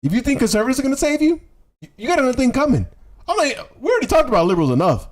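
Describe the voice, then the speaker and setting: A political commentator reacts to clips on a livestream in a high-pitched, racing voice with big pitch swings. He talks heatedly in casual slang, swearing and repeating rhetorical questions.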